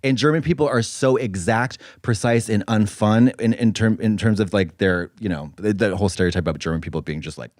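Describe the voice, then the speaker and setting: A man co-hosting a podcast in casual chat, throwing in quick quips and interjections. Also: on the low side, a little mellow, no echo, clean studio sound. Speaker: podcast co-host.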